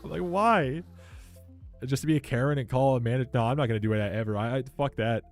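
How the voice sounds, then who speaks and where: A man's voice: mid-range voice, racing, darkish tone, faint music behind. A young man chatting casually on a live stream, rambling and swearing as he rants and answers chat. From Canada. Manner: rambling, profane ranting while reading chat.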